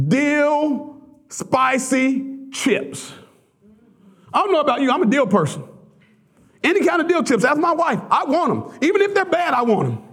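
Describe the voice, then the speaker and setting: A man preaching a sermon as pastor, telling stories with laughter and sudden high excited outbursts.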